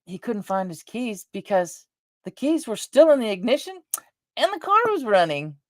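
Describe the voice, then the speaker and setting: A middle-aged woman rambling through family stories in a casual, animated vlog chat. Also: on the high side, moderate pace, dry recording, studio quality. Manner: rambling, animated, talks with her face. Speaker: vlogger.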